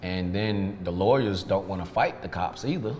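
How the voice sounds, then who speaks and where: Speaking at a normal speed in a low, darkish voice, a detailing business owner opens up in a sit-down interview, retelling past events complete with quoted exchanges. The audio carries a little hiss, long reverb, and faint background ambience.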